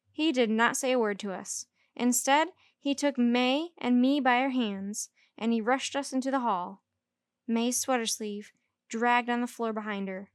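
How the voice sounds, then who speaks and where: A woman reads a children's book aloud in a lively first-person narration. Her voice sits somewhat high, and the recording is dry and close, with no room echo. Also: smooth. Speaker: storyteller.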